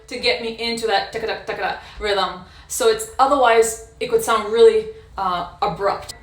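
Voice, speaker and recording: A woman in a casual practice session, explaining how she practices a violin piece in a thoughtful way, pausing often with fillers. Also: a little high, soft background music. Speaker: violin teacher. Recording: echoey room with violin playing.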